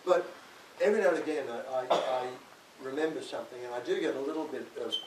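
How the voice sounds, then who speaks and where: An older man speaks to a library audience in a relaxed, joking way. He is picked up from far back in an echoey hall. A steady hiss runs under his voice. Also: medium pitch, quick pace. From Australia. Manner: chatty, self-mocking, laughs often. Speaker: author speaking at a library event. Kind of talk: talk to an audience.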